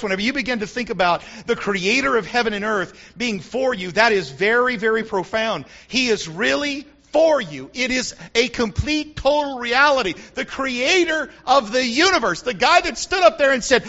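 High, bright-voiced male preacher. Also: highs cut off. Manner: animated preaching that builds to shouts; repeats phrases for emphasis. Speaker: pastor. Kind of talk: sermon.

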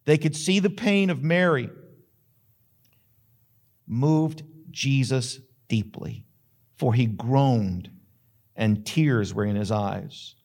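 A man's voice: mid-range voice, slow pace, long pauses, a little mellow. A male pastor, preaching a sermon that retells a story dramatically and builds to emphatic questions.

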